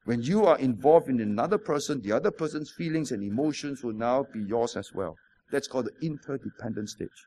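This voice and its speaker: A man's voice: medium pitch, lively intonation, brisk, warm tone. A man, preaching a sermon with stories, rhetorical questions and emphatic repetition. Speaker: pastor.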